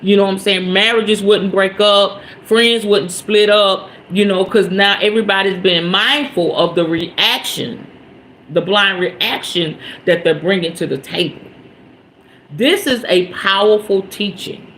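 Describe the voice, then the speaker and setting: An animated woman hosts a casual talk show and tells a story with plenty of emphasis, slang and the odd curse word. She keeps asking her listeners whether they follow her. Her voice sits at an ordinary middle pitch, with a faint hiss in the background. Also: measured pace. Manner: checks in with listeners often. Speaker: podcast host.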